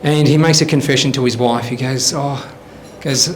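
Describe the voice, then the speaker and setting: A man telling jokes on a comedy show, relaxed and casual, acting out the punchlines. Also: mid-range voice, brisk, a little hiss or hum. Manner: relaxed storyteller, acts out the punchlines. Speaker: comedy show joke teller.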